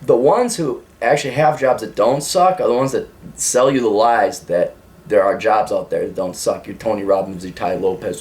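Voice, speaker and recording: A man's voice: fairly low pitch, normal speed, darkish tone. A man hosting a podcast, giving blunt, rambling, profane advice with frequent laughs.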